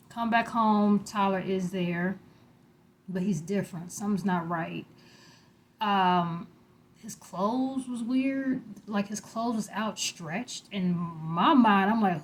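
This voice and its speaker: A woman's voice: normal speed, slight background noise. Woman telling a scary personal story. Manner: animated, rising in pitch and loudness when alarmed.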